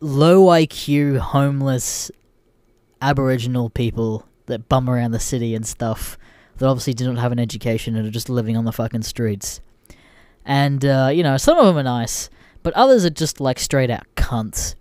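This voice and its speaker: A man's voice: mid-range voice, normal speed, darkish tone, clean tone, no echo. A young Australian man hosting a podcast, telling a story casually with lots of swearing and laughter. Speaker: podcast host.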